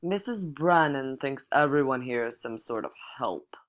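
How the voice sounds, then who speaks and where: A woman's voice: lowish voice, moderate pace, a bit bright, pitched above the performer's own voice, natural voice. A woman voicing a slender, wry male cook who speaks offhandedly with an unplaceable accent.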